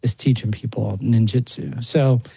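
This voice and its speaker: A man in his forties tells long personal stories as an interview guest. He rambles a little, with fillers and restarts. His voice is mellow and warm and sits at an ordinary pitch, recorded close and dry. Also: fairly even intonation, a little slow, creaky, breathy edge, no room sound. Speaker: ninjutsu teacher. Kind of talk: casual storytelling interview.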